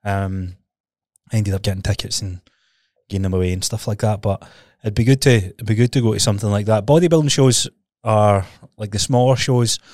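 A man co-hosting a podcast, relaxed in conversation, laughing easily and asking short questions. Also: fairly low pitch, fairly quick, no echo, clean studio sound. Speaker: podcast co-host. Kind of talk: casual chat.

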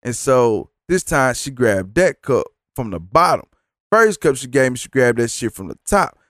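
A man hosting a podcast, telling a profane, animated story while sick and tired, mocking the people he quotes. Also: mid-range voice, normal speed, no room sound, studio quality. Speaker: podcast host. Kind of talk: casual storytelling monologue.

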